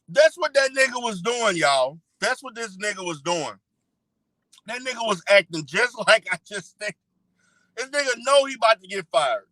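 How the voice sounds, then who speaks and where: A man's voice: high voice, very animated, moderate pace, pushed and bright, dry recording, rough recording. A man streaming a scornful, profane rant about another streamer. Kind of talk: ranting commentary.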